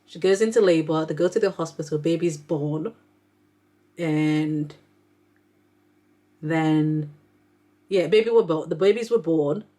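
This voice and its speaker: A young adult woman, a neonatal nurse who reviews books, chats casually about what she's read. Her low, dark-toned voice moves at a measured pace with long pauses. She rambles and fills her talk with "like."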